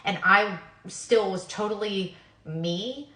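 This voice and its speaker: A woman's voice: mid-range voice, slow pace, sharp tone. A woman in her twenties giving a personal testimony of a near-death experience, earnest and sprinkled with "like". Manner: earnest, uses many fillers like "like". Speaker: guest telling her near-death story. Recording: echoey room.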